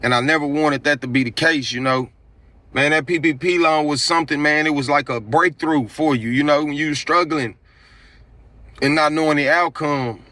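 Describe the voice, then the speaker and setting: A man's voice: fairly high pitch, moderate pace, sharp tone, no room sound. A man in a social media clip talking casually and with regret about a bad decision.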